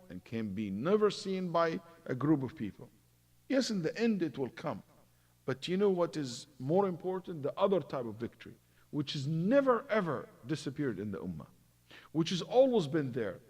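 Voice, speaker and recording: Man lecturing in a reverberant hall. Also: a little high. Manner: tells stories acting out both sides, swings from loud to hushed. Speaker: imam giving a Quran commentary class. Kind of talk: religious lecture with storytelling.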